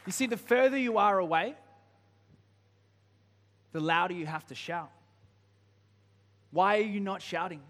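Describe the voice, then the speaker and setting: A man delivers a sermon in a high, light voice, the sound trailing off into the long echo of a church hall. He reads scripture slowly and softly, then rises into impassioned, questioning appeals. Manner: builds from hushed to impassioned pleading. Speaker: pastor.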